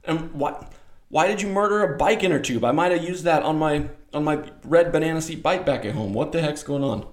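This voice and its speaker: A man voicing his younger self as an indignant boy, complaining in a high, exasperated voice. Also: a little fast, echoey room, lightly acted.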